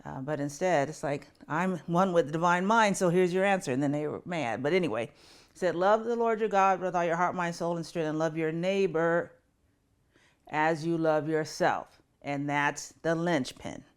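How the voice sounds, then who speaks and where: A woman's voice: low-pitched, normal speed, clear, resonant tone. A woman pastor hosting a spiritual talk show, speaking earnestly and personally while holding back tears. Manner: earnest and personal, voice softening with grief. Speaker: pastor and podcast host.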